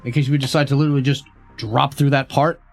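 A man's voice: medium pitch, little pitch movement, fast, gravelly, faint music behind. A man playing a tabletop game, talking hesitantly with lots of "like" and "sort of". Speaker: player.

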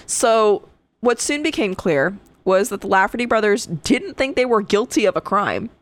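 A woman co-hosting a true crime podcast, reading case details in a casual way and breaking into profane, animated asides. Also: mid-range voice, normal speed, no echo. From Connecticut. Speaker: podcast co-host.

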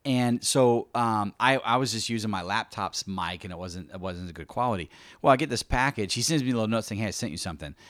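Animated man in casual faith talk. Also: on the low side, a little fast, no echo. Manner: animated storytelling, acts out quoted speech.

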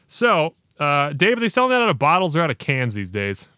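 A man's voice: a little high, huge pitch swings, fairly quick, pushed and bright, smooth, no echo, studio quality. A man hosting a podcast, chatting casually and enthusiastically through a beer review with slangy banter. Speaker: podcast host.

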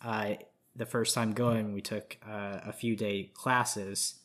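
A man's voice: fairly low pitch, little pitch movement, slow pace, fairly bright tone. A man co-hosting a casual podcast chat, reminiscing in an easygoing, reflective way. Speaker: podcast co-host.

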